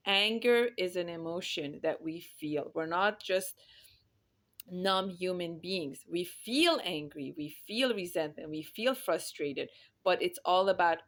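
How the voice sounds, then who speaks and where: A woman speaks with earnest conviction about raising children. Her voice sits a little low, and she builds her points through emphatic, repeated lists of short phrases. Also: lively intonation, slow, a bit bright. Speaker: parenting speaker. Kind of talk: earnest parenting talk.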